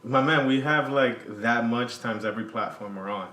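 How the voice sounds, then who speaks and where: A man co-hosting a podcast in casual chat, often trailing off quietly at the end of sentences. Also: mid-range voice, normal speed, echoey room. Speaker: podcast co-host.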